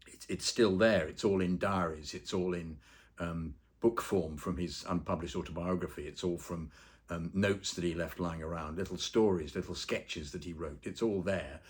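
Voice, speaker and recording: A man with a very low, deep voice tells long anecdotes in a relaxed interview. He rambles with plenty of ums and uhs and slips into the voices of the people in his stories. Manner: rambling storyteller with many fillers, acts out quoted voices. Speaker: actor and voice-over artist interviewed.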